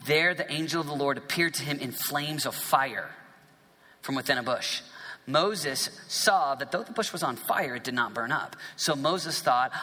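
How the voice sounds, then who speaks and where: Animated preacher in an echoey hall. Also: male voice, mid-range voice, moderate pace, breathy edge. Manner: dramatic, animated scripture reading with playful asides. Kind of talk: sermon.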